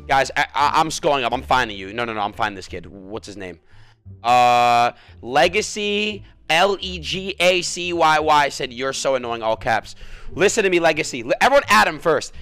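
A young man streaming live, chatting casually to his viewers and breaking into loud, profane rants. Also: a little high, animated, a little fast, creaky. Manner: loud, profane, ranting to chat. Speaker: livestreamer. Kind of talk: casual livestream chat.

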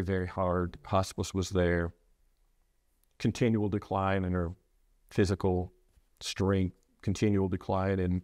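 Low-voiced earnest preacher man. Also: darkish tone, no room sound, studio quality. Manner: earnest, halting with repeated restarts. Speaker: preacher sharing his loss. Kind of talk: reflective interview talk.

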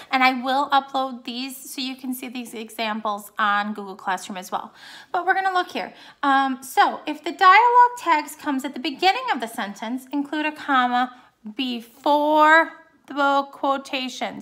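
A woman's voice: sits high, lively intonation, normal speed, a bit bright. A woman teacher giving a recorded online grammar lesson, explaining patiently step by step.

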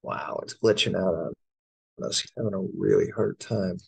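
A man's voice: low voice, normal speed, creaky, husky, low-quality recording. A middle-aged American man, an English teacher, going through test answers and spelling words out letter by letter. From United States.

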